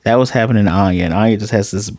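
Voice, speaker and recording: A man with a fairly low voice recaps an anime episode in a casual, animated way, jumping into quick impressions of the characters. The sound is dry and close, with no room echo. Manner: animated, acts out characters' lines while retelling. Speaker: anime reviewer.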